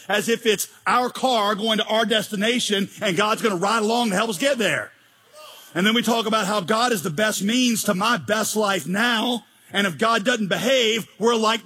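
A man's voice: high voice, normal speed, sharp tone, breathy edge. A male pastor preaching a sermon with emphatic delivery, rhetorical questions and jokes.

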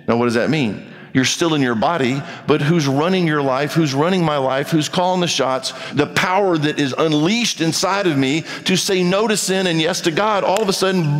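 A man's voice: fairly high pitch, in a large hall. A man preaching a sermon as pastor, reading scripture and repeating key phrases for emphasis.

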